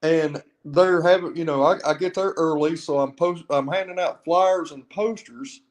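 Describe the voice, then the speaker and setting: A man with a slightly raised voice tells long, rambling stories as a podcast guest, circling back and restarting his sentences as he goes. His tone stays conversational and unhurried. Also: a little high, steady tone, rough recording. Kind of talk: casual storytelling.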